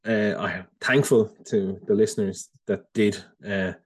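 A man's voice: on the low side, steady tone, measured pace, husky. A man co-hosting a podcast in casual chat, dry and understated. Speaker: podcast co-host.

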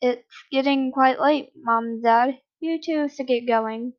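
A woman's voice: high voice, measured pace. A woman reading a story, voicing a blunt, sarcastic young male vampire. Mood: dry. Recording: dull lo-fi recording.

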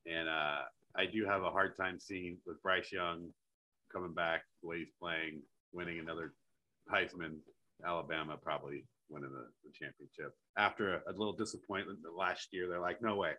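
A man's voice: deep voice, fairly even intonation, normal speed, sharp tone. A man co-hosting a podcast, chatting casually about football, rambling and laughing between points. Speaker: podcast co-host. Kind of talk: casual sports chat.

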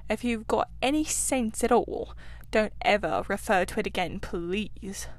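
A woman's voice: medium pitch, measured pace, no echo, close to an everyday voice. A woman voicing a self-assured male water rat who loves his river, talking in a confident, chatty and somewhat guarded way. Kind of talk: storybook reading.

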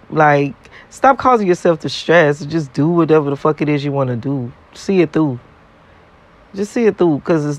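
High-voiced man ranting bluntly. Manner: blunt, profane, repetitive, laughing between points. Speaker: vlogger. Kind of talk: casual rant to camera.

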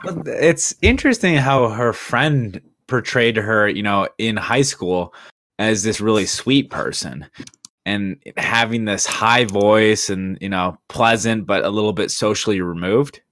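A man's voice: lowish voice, unhurried, fairly bright tone, no echo. A man appearing as a guest on a podcast, recounting details in a thoughtful, casual way. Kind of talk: casual chat.

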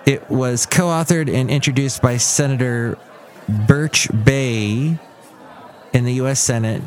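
A man's voice: medium pitch, slow. Rambling, jokey male podcast host. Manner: rambling, jokey, self-correcting. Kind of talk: casual solo podcast monologue.

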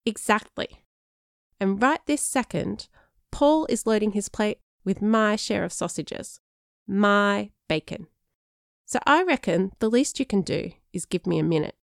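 A woman's voice: mid-range voice, lively intonation, a little slow, gravelly, no echo, pitched above the performer's own voice. A woman doing an earnest teenage boy. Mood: dry. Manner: earnest with dry humour. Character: earnest teenage boy, science-keen, dry humoured.

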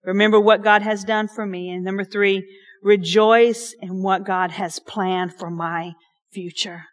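A woman pastor, preaching a sermon, passionate and emphatic with soft asides. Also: medium pitch, steady tone, measured pace.

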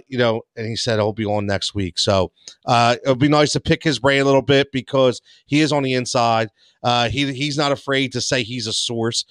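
A man's voice: mid-range voice, a bit bright, clear, resonant tone, dry recording. A man hosting a casual sports podcast, loose and joking, with frequent stammers. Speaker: podcast host.

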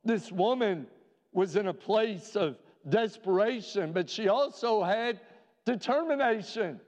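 A male pastor preaching a sermon in a church, earnest, with rhetorical questions and slowing down for emphasis. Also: high voice, animated, a little mellow. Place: church sanctuary. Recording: dull reverberant church recording.

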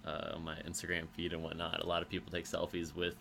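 A man hosting a casual interview, relaxed and agreeable, often answering with "yeah". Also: low voice, fast, creaky, a little hiss or hum. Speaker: interview host.

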